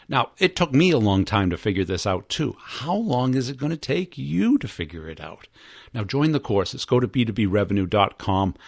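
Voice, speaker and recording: A man hosting a sales podcast, telling an animated story and acting out both sides of a phone call, then pitching his course. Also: vocal fry, dry recording, clean studio sound. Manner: animated storyteller, acts out quotes. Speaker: podcast host.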